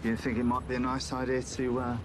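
An actor playing a blunt, sardonic debt collector who swears freely, in film drama dialogue. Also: male voice, medium pitch, completely flat delivery, quick pace, noisy background, close to an everyday voice. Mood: sarcastic.

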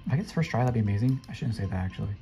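Very low-voiced excitable woman gamer. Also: rapid-fire, soft background music. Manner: excitable, talks to other players, squeals high when jumping. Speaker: gaming channel host. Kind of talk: casual gameplay commentary.

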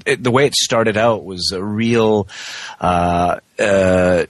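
A man's voice: low voice, slow, no room sound. A man in his forties who grew up in Canada, a guest actor chatting on a phone interview, talking with lots of fillers and restarts. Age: 40s. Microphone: phone call.

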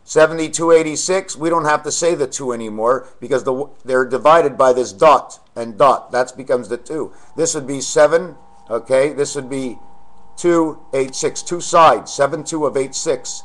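A man's voice: mid-range voice, normal speed, a bit bright. A man talking to his webcam from the den of his house, ranting in an agitated, preachy way about numbers and the end of the world. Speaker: webcam vlogger. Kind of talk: rambling monologue to camera. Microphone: webcam mic.

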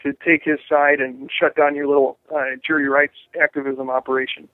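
In a fairly quick, mid-range voice, a jury rights activist answers interview questions by phone. The line sounds tinny and the recording dry; he speaks animatedly, with many restarts, and performs the voices of others he quotes.

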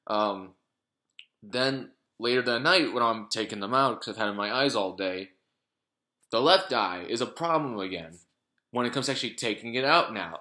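A man's voice: medium pitch, animated, normal speed, pushed and bright. A man talking casually to his vlog audience in a rambling way, with lots of fillers, restarts and swearing. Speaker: vlogger.

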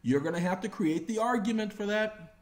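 A man's voice: high-pitched, brisk. A man giving a casual spoken lecture in a folksy way, reading legal text aloud and then explaining it to his listeners. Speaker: self-taught legal lecturer.

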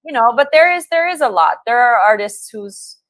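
A woman guest on a morning radio show, chatting in an effusive, animated way and often repeating words as she gathers her thoughts. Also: a little high, normal speed, no echo. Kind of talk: casual radio chat. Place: radio studio. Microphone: studio mic.

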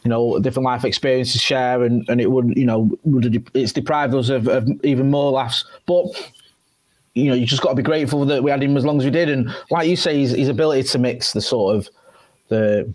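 A man in his forties co-hosting a podcast, chatting in a jovial, animated way. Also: medium pitch, brisk. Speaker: podcast co-host. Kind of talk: casual chat.

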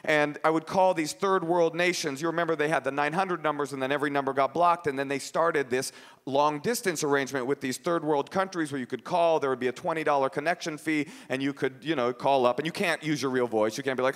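A man from Oakland performing an animated, ironic stand-up set, then chatting as a guest on a radio show. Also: fairly high pitch, big-room sound. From Oakland, USA. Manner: animated, quick, ironic storytelling.

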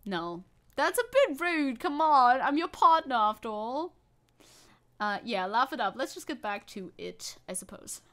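A woman's voice: high-pitched, big pitch swings, a little slow, fairly bright tone. A woman streaming a game, making crude jokes and reading the game text aloud in casual commentary. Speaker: VTuber streamer.

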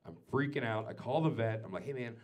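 Stand-up guy telling a story on a club stage, cusses a lot, goes quiet then yells, mid-pitch voice. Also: fast talker. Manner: storytelling, swings from low and quiet to loud ranting outbursts; swears freely. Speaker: stand-up comedian. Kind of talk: stand-up comedy set. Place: comedy club stage before a live audience.

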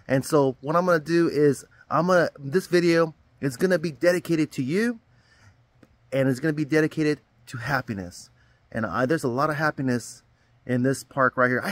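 Cheerful camp-counselor vlogger, man, a touch high in pitch, dry close sound. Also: fairly bright tone, no room sound. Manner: upbeat, rambling, self-deprecating. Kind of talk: casual vlog talk to camera. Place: outdoors at a summer camp.

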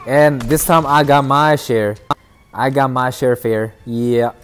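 Slow-talking man streaming a game. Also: medium pitch, fairly even intonation, fairly bright tone, faint music behind. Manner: playful trash talk to chat. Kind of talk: casual gameplay commentary.

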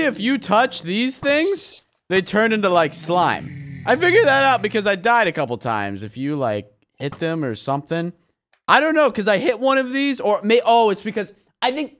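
Excitable young man narrating gameplay. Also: fairly high pitch. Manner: excitable, exclaiming, jokey. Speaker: gaming YouTuber.

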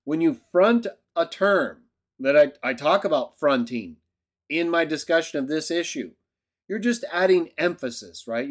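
A man teaching a Bible lesson in a video, argumentative and emphatic, who keeps checking in with "right?". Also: a little high. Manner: emphatic outbursts. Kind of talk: lecture-style video commentary.

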